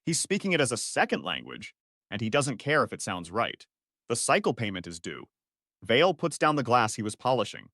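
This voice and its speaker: A man narrating a first-person sci-fi story in short, clipped, analytical sentences. His pitch moves around a lot from phrase to phrase, and the recording is dry and close with no room sound. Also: sing-song, brisk, a bit bright, dry recording.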